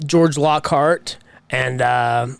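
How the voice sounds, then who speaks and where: Dry-sounding excitable man. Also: mid-range voice, vocal fry, clear, resonant tone, no room sound. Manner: fast, excitable, swearing. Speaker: podcast co-host. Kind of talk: casual chat.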